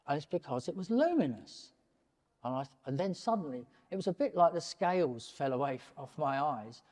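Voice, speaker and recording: An older man in his seventies, a painter speaking to an audience in a public talk, animated and digressive and often breaking off mid-sentence. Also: medium pitch. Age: 70s. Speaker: painter and prize winner, interviewee. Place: large gallery hall, in front of an audience. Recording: long hall reverb in a gallery.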